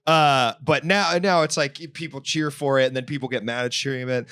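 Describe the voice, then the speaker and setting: A man's voice: medium pitch, fairly even intonation, fairly quick, fairly bright tone, clear, resonant tone. A man hosting a call-in talk stream, chatting casually with lots of fillers and restarts. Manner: rambling, many fillers and restarts. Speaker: host. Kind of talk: casual chat.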